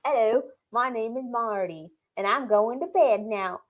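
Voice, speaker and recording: A woman voicing a sleepy little female pet reptile who is saying goodnight, in a squeaky, sing-song voice. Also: normal speed, fairly bright tone, highs cut off, a little hiss or hum.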